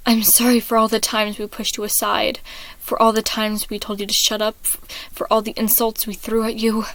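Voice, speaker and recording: Woman reads a showy, vain young man, dramatic and emotional, with a smooth voice. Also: fairly high pitch, completely flat delivery, normal speed, a bit bright, dry recording. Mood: tearful.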